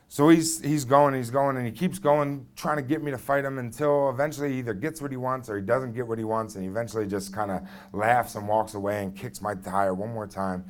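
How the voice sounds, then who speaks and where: A man in his thirties telling a personal story on stage into a microphone, conversational and blunt with frequent fillers. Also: fairly low pitch. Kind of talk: live first-person storytelling.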